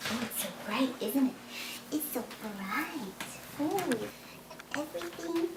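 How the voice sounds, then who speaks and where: A young woman filming her baby at home, softly cooing and often whispering in baby talk. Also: high voice, expressive, slow. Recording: noisy home video.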